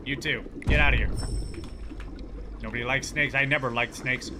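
A man commenting on his own horror game playthrough, excitable, yelling and cursing at enemies, with game music behind him. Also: mid-range voice, moderate pace, noisy background. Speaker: gaming channel host. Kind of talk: let's play commentary.

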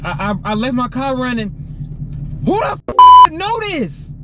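A man's voice: very high voice, big pitch swings, moderate pace, very noisy. A young man reacting to a prank, flustered and cursing, insisting he knows nothing about it. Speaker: vlogger, prank target.

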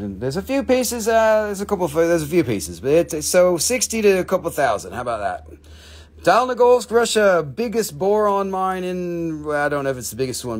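Joking, swearing live-sale host, man. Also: fairly high pitch. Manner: joking, rambling, swears freely. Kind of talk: casual live-stream selling chat.

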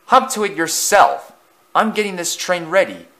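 A man's voice: on the high side, sing-song, unhurried, pushed and bright, pitched above the performer's own voice, heavily acted. A man voicing a small, busy male tank engine in a storybook reading, curt and huffy. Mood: brusque. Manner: brusque, huffy.

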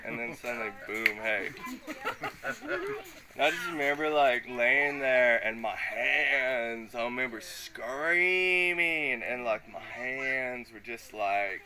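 A man's voice: medium pitch, expressive, slow pace, crowd noise. A man giving an emotional, rambling personal testimony full of slang and fillers in front of a gathering. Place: live gathering with listeners.

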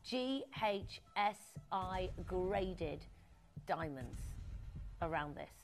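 A woman's voice: on the low side, animated, drawn-out words. A woman presenting a live TV shopping show, gushing and exclamatory as she chats with viewers while selling jewelry.

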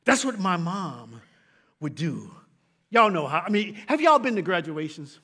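A middle-aged pastor delivers a sermon in a church sanctuary, his unusually high, husky voice swinging widely in pitch as he climbs to shouts and sinks to low, hushed lines. He is very animated yet keeps a measured pace, and a long reverb from the hall follows each phrase.

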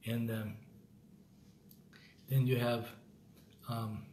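A man's voice: mid-range voice, level tone, very slow, darkish tone. An American man hosting a Bible reading program, giving rambling, earnest, informal commentary that often breaks off and restarts. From United States. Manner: rambling, self-interrupting, earnest. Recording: echoey room with faint background noise.

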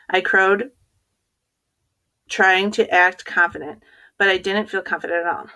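A woman teacher reading a children's chapter book aloud in a clear, steady storytelling voice. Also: fairly low pitch, measured pace, long pauses.

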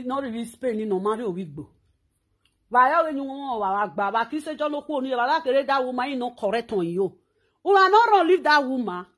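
Husky high-voiced Nigerian woman ranting. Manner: scolding, ranting, insulting. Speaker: talk show host. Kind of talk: social media rant.

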